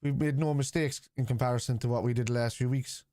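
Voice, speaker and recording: A man's voice: mid-range voice, steady tone, fast talker, warm tone, no echo, clean studio sound. A man hosting a live football watchalong, chatting casually and answering viewers' comments.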